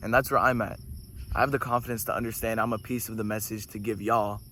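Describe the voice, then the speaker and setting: A man talking in a casual, preachy spiritual monologue, getting excited and swearing casually as he goes off on tangents. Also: on the low side, quick pace, a little hiss or hum. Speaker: host.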